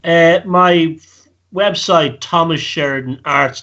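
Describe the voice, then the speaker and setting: A man's voice: a little high, fairly even intonation, slow pace, a bit bright, dull audio. A man from Ireland, a guest author, who gives brief, dry replies in an interview. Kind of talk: interview answers.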